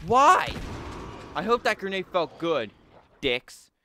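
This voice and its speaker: A young man commentating on a shooter game, swearing and getting frustrated, yelling at the enemies. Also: a little high, lively intonation, moderate pace, slight background noise. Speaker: gaming commentator.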